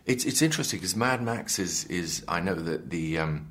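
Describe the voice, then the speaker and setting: A man in his fifties with an English accent, an actor being interviewed in a hotel room, joking in a dry, deadpan way with halting restarts. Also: low voice. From England. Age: 50s. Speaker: actor guest.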